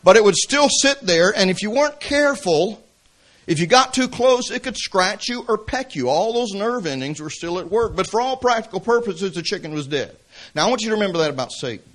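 A man's voice: high-pitched, animated, a little fast, fairly bright tone. A man with a Southern American accent from Atlanta, preaching a sermon as pastor, mixing emphatic exhortation with storytelling asides. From Atlanta, Georgia, US. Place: church service.

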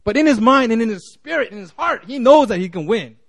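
High-voiced man preaching casually. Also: animated, brisk, no echo. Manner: conversational, lots of fillers and restarts. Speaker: guest preacher. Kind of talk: casual sermon.

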